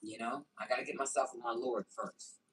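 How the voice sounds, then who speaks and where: A woman's voice: extremely low pitch, fairly even intonation, brisk, breathy edge. A woman hosting a casual livestream, greeting viewers by name and answering the chat on her phone. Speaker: livestream host.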